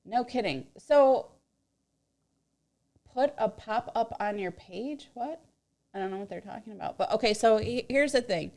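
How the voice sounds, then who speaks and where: A woman's voice: on the high side, expressive, a little slow, pauses often, a little mellow. A woman co-hosting a casual livestream, chatty and teasing, reading out viewer comments and laughing easily. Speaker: livestream co-host.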